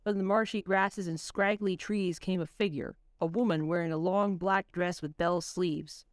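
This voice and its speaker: A woman reading her own spooky story aloud on a voice call, in a measured storytelling manner. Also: lowish voice, fairly even intonation, no echo, studio quality. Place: home voice chat. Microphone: computer mic on a voice call.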